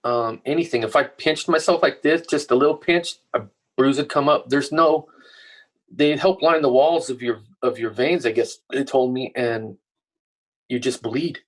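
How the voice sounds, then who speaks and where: A man's voice: medium pitch, normal speed, rough recording. A middle-aged man, a guest on a podcast, telling a story casually with plenty of swearing. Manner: profane, animated storytelling.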